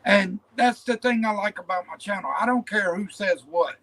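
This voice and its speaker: A man's voice: sits high, normal speed, fairly bright tone, low-quality recording. A man hosting a casual panel chat about his beliefs, blunt and rambling, repeating himself as he talks. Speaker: channel host.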